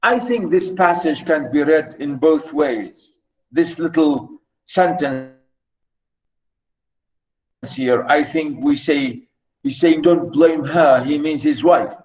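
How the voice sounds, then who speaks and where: A male lecturer walks listeners through a novel at a slow, patient pace. His voice sits a little high, and he restates each idea with frequent fillers as he explains. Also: rough recording. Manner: explanatory, repeats points, many "you know" fillers. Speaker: literature lecturer.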